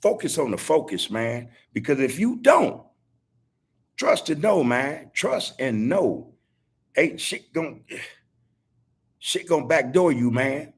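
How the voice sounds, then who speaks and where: A man's voice: medium pitch, big pitch swings, slow, pauses often, husky. A man hosting a podcast, talking casually to his listeners, preachy and repetitive, full of street slang. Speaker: podcast host. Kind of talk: casual monologue. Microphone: video call.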